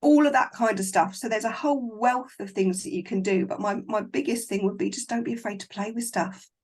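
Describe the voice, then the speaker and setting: A woman filmmaker chats as an interview guest over a video call. Her voice sits at a middle pitch, and her delivery is frank and encouraging, with emphatic pushes against online critics. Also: a little fast. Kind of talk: casual interview chat.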